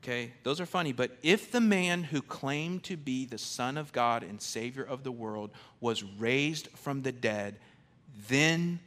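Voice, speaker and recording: A man preaching a sermon in a conversational, emphatic way, swinging from loud declarations to hushed, intimate lines. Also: medium pitch. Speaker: pastor.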